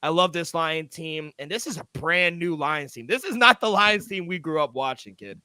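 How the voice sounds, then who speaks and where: A man's voice: a little high, lively intonation, normal speed, sharp tone, clear, resonant tone, no room sound. A man co-hosting a sports betting podcast, talking emphatically and swearing freely as he gives his picks. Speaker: co-host.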